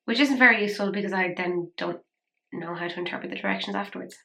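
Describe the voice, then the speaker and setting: A young woman reviewing makeup in a casual, rambling, self-mocking way, a little breathless and quick to gasp with excitement. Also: mid-range voice, creaky. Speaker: beauty vlogger.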